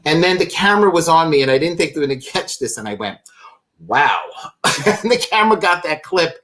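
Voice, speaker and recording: Fast-talking and sharp in tone, this fan club founder appears as a live-stream guest with a voice on the high side. He spins a long, animated anecdote, rambling, interrupting himself and laughing throughout.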